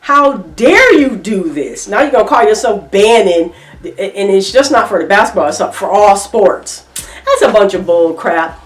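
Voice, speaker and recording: A woman's voice: mid-range voice, normal speed, distant mic. A middle-aged woman giving emphatic, repetitive opinion commentary in a reaction vlog, with features. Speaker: reaction vlogger. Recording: echoey room, voice off-mic.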